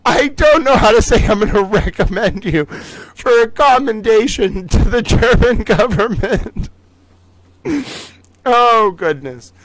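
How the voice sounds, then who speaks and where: A man's voice: high voice, expressive, slow, fairly bright tone. A man hosting a casual live-stream trivia game, playful and chatty, laughing often between phrases and chatting to his toys. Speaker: livestream host running a trivia game.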